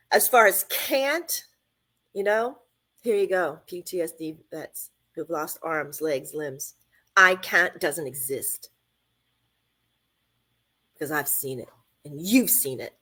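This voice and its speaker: A woman's voice: lowish voice, a bit bright. A woman hosting a radio talk show, speaking in an emphatic, conversational way that repeats phrases for stress.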